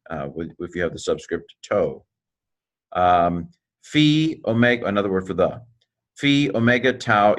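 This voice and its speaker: Male teacher, lowish voice, folksy and joking, walks through grammar step by step. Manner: folksy, joking, clears throat often. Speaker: Greek teacher. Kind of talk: informal recorded lesson.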